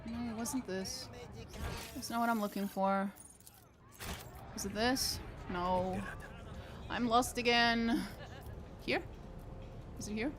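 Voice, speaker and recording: This young woman chats with viewers during a live game stream, cursing often and sounding exasperated. Her voice is a little high and slow with many pauses, and there's background noise.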